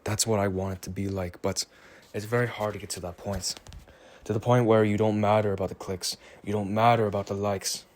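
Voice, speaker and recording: A man with a fairly low voice drifts through a reflective solo monologue, rambling and unhurried. He sounds tired and muses aloud at a slow, thoughtful pace. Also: level tone, darkish tone. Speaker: vlogger.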